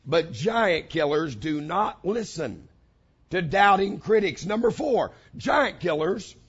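A man preaching a sermon, building points with repeated phrases and dramatic pauses. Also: sits high, breathy edge, lo-fi sound. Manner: animated preaching with dramatic pauses and vivid quoted voices. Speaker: pastor.

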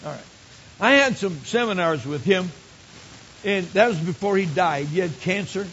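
An older man with a fairly high voice preaches a storytelling sermon, building his points up to emphatic exclamations. The recording is dull and lo-fi, with a faint hiss underneath. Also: animated, normal speed, a bit bright. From Michigan.

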